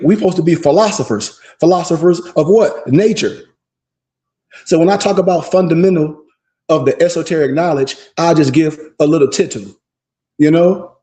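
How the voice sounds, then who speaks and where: A man teaching an esoteric knowledge class in an emphatic, repetitive preaching cadence, slowing down to spell out lists. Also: on the high side, dark tone.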